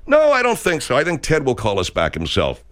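A man's voice: mid-range voice, huge pitch swings, fairly quick, a bit bright. A man hosting a comedic radio talk show in a studio, dry and mock-apologetic.

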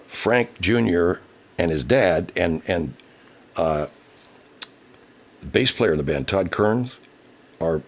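A man's voice: extremely low pitch, husky. A man hosting a casual livestream, reading viewer comments, swearing heavily and ranting angrily. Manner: baby talk to his pet cat. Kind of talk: casual profane livestream chat.

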